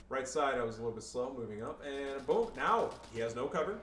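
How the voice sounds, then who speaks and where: In a lively, quick, fairly bright medium-pitched voice with few pauses, a man commentates replays of his strategy game matches casually, swearing often and making crude jokes. The off-mic audio comes from an echoey room with faint background noise.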